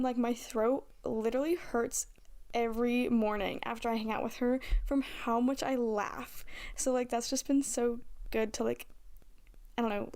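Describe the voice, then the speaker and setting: A woman's voice: on the high side, a little mellow. A woman in her twenties co-hosting a podcast, chatting casually and filling her talk with "like". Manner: chatty, heavy use of "like". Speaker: podcast co-host. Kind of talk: casual chat.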